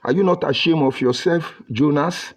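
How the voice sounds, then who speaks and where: A middle-aged man hosts a livestream, reading viewer comments aloud in a combative, mocking and preachy manner. His Nigerian English accent is mixed with Pidgin, and his voice runs on the high side at a moderate pace.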